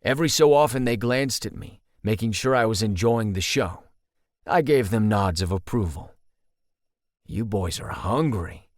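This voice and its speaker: A man's voice: lowish voice, moderate pace, dry recording. Man reading a first-person audiobook, dry close sound. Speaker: audiobook narrator.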